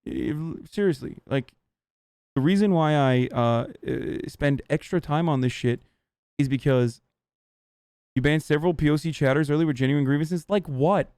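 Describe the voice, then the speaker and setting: Male streamer, heated profane rant to chat, smooth resonant voice, fairly high, dry close sound. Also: darkish tone, no room sound. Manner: profane, agitated, halting restarts.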